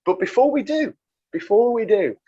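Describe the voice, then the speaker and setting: A man's voice: high voice, lively intonation, normal speed, mellow, breathy edge, muffled recording. A man hosting a casual rugby podcast, rambling through stories with laughs and swearing. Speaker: podcast host.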